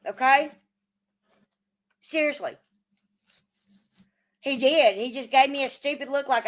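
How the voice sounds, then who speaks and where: This woman's voice sits high, with a slow pace and long pauses. She's the host of a casual livestream, swearing often and arguing back at chat, her replies to viewers profane and combative.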